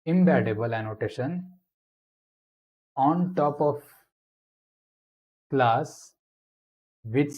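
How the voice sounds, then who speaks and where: This screencast features a man with a mid-range voice teaching programming, typing code and explaining each step slowly. The audio is dull.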